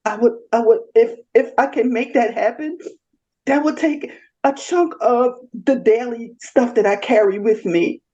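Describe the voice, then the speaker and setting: A middle-aged woman, a mother and interview guest, speaking in a tender, halting, emotional way. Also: fairly high pitch, warm tone, muffled recording.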